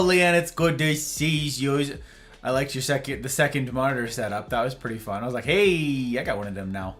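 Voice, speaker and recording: A man's voice: fairly high pitch, bright, forceful tone. A man streaming from home, chatting casually and greeting his viewers by name with playful flourishes. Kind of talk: casual livestream chat.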